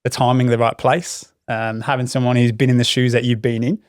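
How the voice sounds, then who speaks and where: A man with a Worcester English accent, a podcast host telling lively anecdotes with plenty of swearing. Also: mid-range voice, a little fast, clean tone, no room sound, studio quality. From Worcester, England. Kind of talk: casual podcast storytelling.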